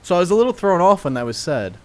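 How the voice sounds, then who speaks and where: A man streaming a game live, talking excitedly and jokingly, cooing in baby talk at times. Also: sits high, quick pace. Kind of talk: live gaming commentary.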